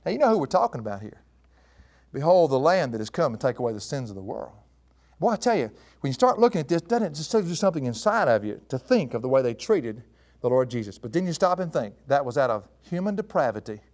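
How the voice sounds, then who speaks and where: A man's voice: medium pitch, big pitch swings, fast talker, a little mellow. A man preaching a sermon, walking through a passage, asking his listeners questions and calling them folks. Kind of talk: expository sermon.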